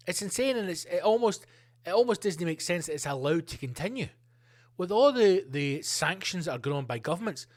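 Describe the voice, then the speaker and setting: A middle-aged man hosting a solo podcast, ranting in a sweary, sarcastic way. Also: a little high. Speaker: podcast host.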